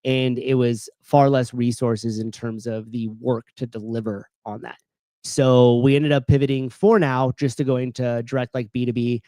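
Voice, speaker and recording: A man's voice: medium pitch, fairly even intonation, normal speed, warm tone, no echo. A man co-hosting a podcast, chatting casually and rambling with lots of fillers and the odd swear word. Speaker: podcast co-host. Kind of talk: casual livestream chat.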